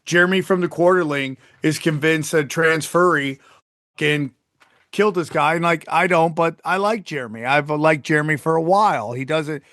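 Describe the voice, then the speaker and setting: A man's voice: fairly high pitch, normal speed, fairly bright tone, no room sound, studio quality. A middle-aged man hosting a casual podcast chat, talking bluntly with plenty of swearing and many restarts. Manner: blunt, profane, rambling with restarts. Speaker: podcast host.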